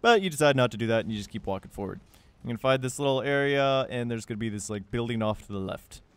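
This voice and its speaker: A man's voice: mid-range voice, clear, resonant tone, no echo. A young man narrating a game walkthrough in a casual, joking way, with sarcastic asides. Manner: joking, sarcastic asides with goofy put-on quotes.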